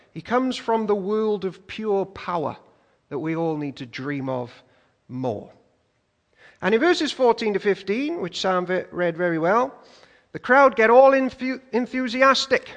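A man preaches a sermon, high-voiced and animated. He jokes and slips into playful voices as he retells stories. His voice rings through a church hall with a long echo. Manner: lively, joking, acts out voices in retelling.

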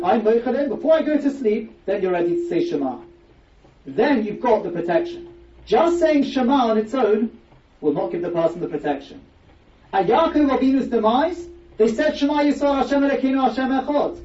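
High-voiced man giving a roomy Torah lecture. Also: dark tone, slight background noise. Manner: explains with emphatic rhetorical questions. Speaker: rabbi giving a Torah class. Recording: echoey, distant, dull-sounding recording.

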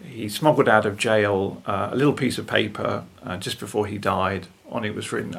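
An older man, talking earnestly about faith as a guest, with a gravelly, husky voice and tag questions. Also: fairly low pitch, steady tone, normal speed, hardly any pauses, a bit bright. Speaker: guest speaker.

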